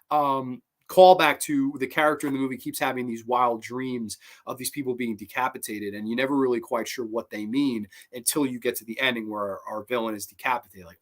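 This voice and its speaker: A man hosting a podcast, giving a casual, rambling film review full of fillers and swearing. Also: mid-range voice. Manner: rambling, profane, animated, lots of fillers. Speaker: podcast host.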